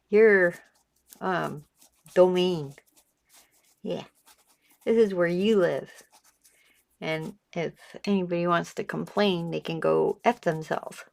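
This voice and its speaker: A woman's voice: on the low side, vocal fry. A woman with a slight lisp hosting a casual painting tutorial, chatty and encouraging, laughing often and swearing freely. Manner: chatty, giggly, salty, encouraging. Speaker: art channel host.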